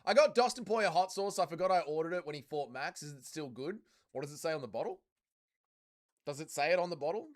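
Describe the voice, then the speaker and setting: A young Australian man hosts a livestream, speaking fast in a fairly high, animated voice. He chats casually and crudely as he reads out viewer comments, blunt and joking throughout.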